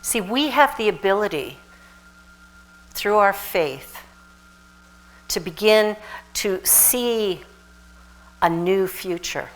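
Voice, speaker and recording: A woman minister giving a lively, animated sermon, with sudden shouted exhortations and laughter. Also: medium pitch, slow, long pauses, low-quality recording.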